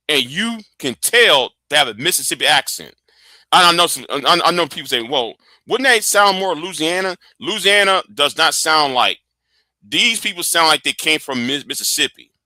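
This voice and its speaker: A middle-aged Texan man hosts a casual political livestream, rambling through stammers and restarts. His voice sits a little high and sounds pushed and bright, captured in a dry recording.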